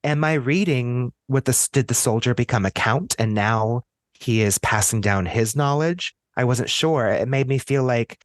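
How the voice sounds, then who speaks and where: An American man chatting as a podcast guest, thinking aloud and often circling back to restart his sentences. His pitch is mid-range for a man. The recording is close and dry, with no room sound. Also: a little slow, no echo. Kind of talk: casual podcast discussion.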